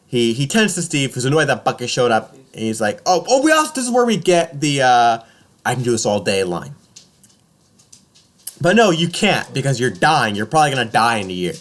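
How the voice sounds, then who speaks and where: A man's voice: medium pitch, fairly quick. A young man casually recapping a film on a podcast, joking and slipping into silly character voices. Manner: animated, jokey, slips into silly voices for characters.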